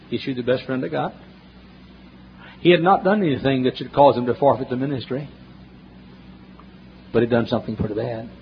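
A man preaching a sermon, telling folksy stories and swinging between loud emphatic questions and hushed asides, in a church. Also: mid-range voice, slight background noise. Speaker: pastor. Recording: dull lo-fi sermon recording, faint ambience.

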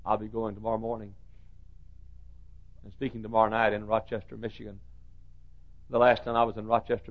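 A man preaching a revival sermon, dropping to quiet storytelling and then climbing to high, shouted cries. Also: highs cut off.

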